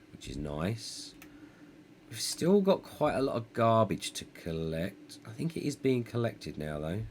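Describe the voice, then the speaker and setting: A man's voice: sits low, slight background noise. A man streaming a city-building game, thinking aloud in a rambling, self-deprecating way. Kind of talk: live gameplay commentary.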